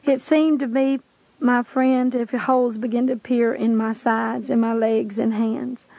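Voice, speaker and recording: A woman's voice: on the high side, steady tone, measured pace, vocal fry, dark tone, no room sound, dull audio. Earnest woman narrating a dramatic testimony. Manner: earnest, intense storytelling.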